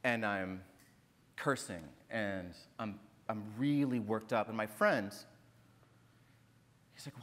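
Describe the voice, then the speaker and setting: An author from northern Minnesota tells a personal story on stage in a large hall at a literary festival, the sound echoing as in a reverberant lecture hall. His fairly low, slightly bright voice is slow and pauses often, and he's earnest and emphatic, repeating phrases and tagging points with "right?".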